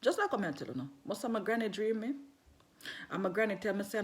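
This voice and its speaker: Woman, middle-aged, animated vlog storyteller, very expressive melody. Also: mid-range voice, quick pace. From London. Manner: animated, laughing, patois-laced storytelling. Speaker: vlogger telling a personal story. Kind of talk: casual storytelling.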